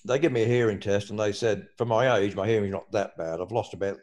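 An older Australian man tells stories in a low, unhurried voice, full of swearing and filler words. His delivery wanders loosely from point to point. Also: fairly even intonation, darkish tone. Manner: rambling, swears freely, hesitant fillers. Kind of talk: casual chat.

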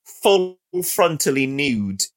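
Lively jokey man in his forties. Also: a little high. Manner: jokey, quick reactions and swearing. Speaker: podcast co-host. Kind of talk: casual chat.

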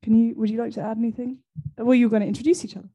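A woman's voice: a little high, fairly even intonation, rapid-fire, dark tone, breathy edge, lo-fi sound. Chatty English woman hosting live. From England. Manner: chatty, laughing, many fillers and restarts. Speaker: host, library programs manager. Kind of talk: live event introduction. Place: library event room, live audience.

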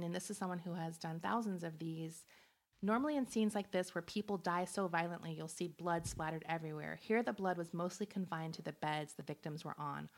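Woman host, casual true-crime podcast narration, chatty, laughs easily. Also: on the low side. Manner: chatty, laughs often, acts out quotes.

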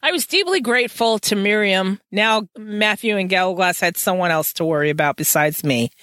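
A woman's voice: mid-range voice, moderate pace, no room sound, studio quality. A woman reading a novel aloud on a podcast, breaking into playful chatty asides. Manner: lively, laughs often, playful commentary.

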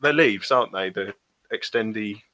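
A man's voice: lowish voice, moderate pace, bright, forceful tone. A man interviewing in an improvised comedy bit, with a dry, punning delivery. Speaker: podcast co-host, interviewer.

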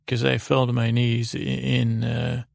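A man's voice: medium pitch, monotone, a little slow, gravelly, no room sound. A man hosting a sleep story, telling a dream in a meandering way with many fillers and restarts, close to the mic. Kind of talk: rambling bedtime storytelling.

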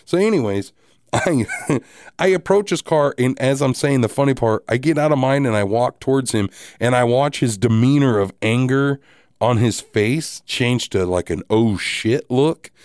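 A man hosting a podcast, telling a story in a casual, animated, profane and wry way. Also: mid-range voice, moderate pace, no echo, clean studio sound. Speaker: podcast host.

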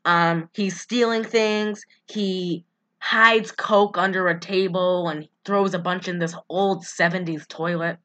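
A woman's voice: fairly low pitch, fairly even intonation, slow pace, fairly bright tone, muffled recording. Giggly woman rambling through a plot. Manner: rambling, giggly, quotes characters in put-on voices. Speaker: podcast co-host recapping a movie. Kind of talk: casual chat.

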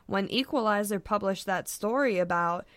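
A woman's voice: medium pitch, normal speed, fairly bright tone, dry recording. A woman guest on a podcast talking casually, with frequent fillers and restarts. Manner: chatty, many fillers and restarts. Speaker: podcast guest, soccer writer.

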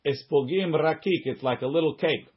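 A man teaches a Talmud class, reading the Hebrew and Aramaic text and explaining it in English, frequently restarting and adding side remarks. His fairly high voice is husky and moves at normal speed, and the audio sounds dull.

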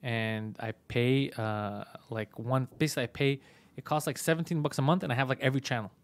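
A man's voice: medium pitch, brisk. A man hosting a comedy podcast, telling a story in casual chat, swearing a lot and acting out both sides of a phone argument. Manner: animated, profane, acts out both sides of phone calls.

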